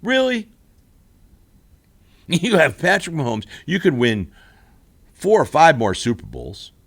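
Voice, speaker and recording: A man hosting a football recap show, rambling and animated in casual commentary, laughing often. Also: on the high side, slow, husky. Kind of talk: casual sports commentary monologue. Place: studio.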